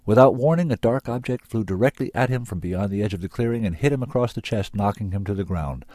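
Deep-voiced man reading a story aloud. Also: quick pace, mellow, no echo. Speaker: reader of submitted manuscripts. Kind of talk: storybook narration.

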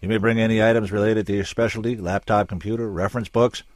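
A man's voice: on the low side, fairly even intonation, quick pace, no room sound, voice pushed up, natural voice. A man voicing a formal, middle-aged army captain who gives curt, commanding orders. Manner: clipped, commanding military delivery.

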